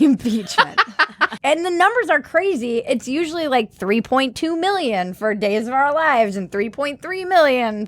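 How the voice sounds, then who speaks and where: A woman's voice: mid-range voice, dry recording. Sarcastic woman host, dry close mic. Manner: sarcastic, laughs often. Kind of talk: comedic casual chat.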